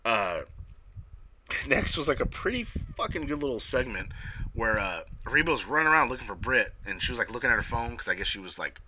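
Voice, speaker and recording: A tired young man chatting through a recap, profane and excitable. His voice is very bright and sharp with lively pitch swings. The recording sounds dull and lo-fi. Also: a little fast, a little hiss or hum. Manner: profane, excitable, acts out quotes. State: tired, yawning. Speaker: podcast host. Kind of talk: casual wrestling recap.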